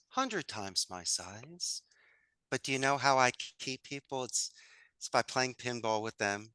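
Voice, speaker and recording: An upbeat man chatting as a podcast guest, his voice bright and forward. He leans on folksy sayings and easy humor. The sound is dry and close, with no room around it. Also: mid-range voice, clear, resonant tone, no room sound. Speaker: podcast guest, call center owner. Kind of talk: conversational interview.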